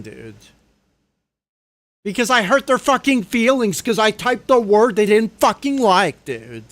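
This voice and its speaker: On a livestream, a young man angrily rants into his desk microphone, swearing constantly and trailing off into a low, muttered "dude" at the end of sentences. His high, slightly bright voice leaps wildly up and down in pitch. There's no echo.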